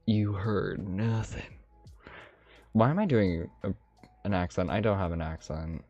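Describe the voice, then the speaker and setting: A man's voice: low-pitched, unhurried, warm tone. A man voicing an ancient, mischievous male dragon mage with a lisp and a put-on dragonish accent, rambling playfully on a live stream. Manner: rambling, playful, self-amused asides. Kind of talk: in-character live stream chat. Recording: slightly dull stream audio, faint music.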